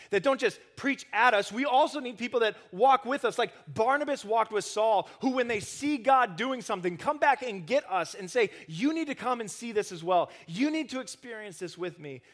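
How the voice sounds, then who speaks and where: A man preaching a sermon, earnest, rising to emphatic stresses and then dropping soft and low. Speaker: pastor.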